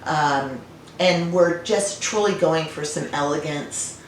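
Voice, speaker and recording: A woman winemaker being interviewed, telling stories and remembering in a warm, conversational way. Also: sits low, slow. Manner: warm storytelling, reminiscent. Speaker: winemaker guest. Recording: roomy, distant, faint noise.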